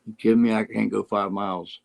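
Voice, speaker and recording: Gravelly low-voiced man chatting. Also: flat delivery, a little fast, a little mellow. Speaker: guest. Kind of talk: casual chat.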